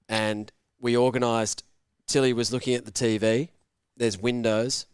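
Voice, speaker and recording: A young man hosting a live sports watch-along, telling a prank story with lots of swearing and shouted voices for the people in it. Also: medium pitch, measured pace, clean tone, dry recording, clean studio sound. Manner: animated, swearing, shouts out voices in his stories. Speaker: host.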